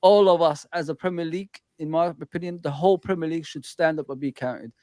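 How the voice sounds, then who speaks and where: A man co-hosts a football chat in a fairly high voice. His talk is laid-back, opinionated and full of slang. The recording is dry and close. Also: quick pace, a little mellow, no echo. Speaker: host of a football reaction show. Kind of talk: casual chat.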